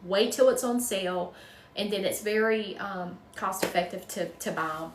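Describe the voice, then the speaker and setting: A woman's voice: medium pitch, normal speed, roomy sound, far from the mic, rough recording. A woman from North Carolina with a strong Southern accent, chatting folksily with her live-stream viewers, answering questions and calling them y'all. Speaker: wreath maker hosting a live stream.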